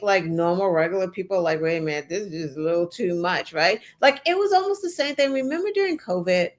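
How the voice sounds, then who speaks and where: A woman co-hosting a casual political chat show, talking emphatically and swearing freely, with lots of "like" and "you know". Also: mid-range voice. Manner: emphatic, profane, with many "like" and "you know" fillers. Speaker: co-host.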